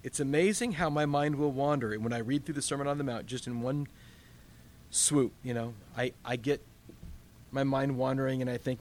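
A man's voice: medium pitch, normal speed, a little mellow. A man leading a Bible study in a conversational teaching style. He asks the group questions and acts out his own inner dialogue.

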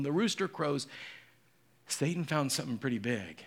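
A man's voice: mid-range voice, animated, moderate pace, pauses often. A middle-aged male pastor preaching a sermon, telling the story dramatically and acting out the voices in quotes.

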